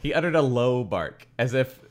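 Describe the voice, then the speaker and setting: A man's voice: medium pitch, lively intonation, normal speed, crowd noise. A man hosting a podcast, reading a children's horror book aloud with hammy, melodramatic voices for the quoted lines.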